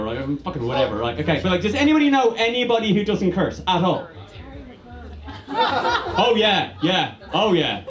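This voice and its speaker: A man's voice: high voice, roomy sound. A man with an Irish accent doing a stand-up comedy set, rambling, swearing freely and teasing the crowd. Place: comedy bar venue, live audience.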